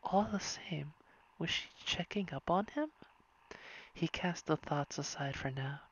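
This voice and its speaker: A reader narrating a whispered bedtime story in a soft, hushed and unhurried way. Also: mid-range voice, animated, husky. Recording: dull lo-fi recording.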